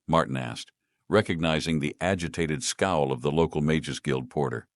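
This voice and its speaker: Brief: deep male narrator for a sci-fi short story, dry close voice-over. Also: normal speed, no echo. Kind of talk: scripted narration.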